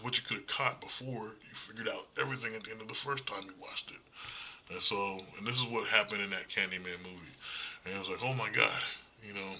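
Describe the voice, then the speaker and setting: A man's voice: sits low, sharp tone, a little hiss or hum, poor audio. A man casually reviewing horror movies in a blunt, profane, rambling way, often restarting his sentences.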